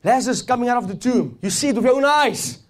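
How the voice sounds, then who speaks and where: A man's voice: very high-pitched, lively intonation, fast. A man preaching a sermon with fervor, repeating phrases and building intensity as he goes. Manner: fervent, rising and swelling as he preaches, with repeated phrases.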